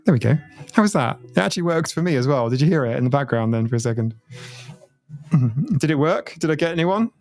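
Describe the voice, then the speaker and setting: A man's voice: fairly high pitch, expressive, brisk, a little mellow, soft background music. A British man chatting casually on a livestream from home, rambling and laughing often. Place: at home, watching his stream on a TV.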